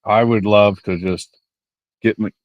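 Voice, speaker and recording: A man with a very low voice, chatting easily in a livestream and dropping short remarks. His voice sounds dry and close to the mic. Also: fairly even intonation, normal speed, no room sound, dull audio. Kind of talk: casual livestream chat.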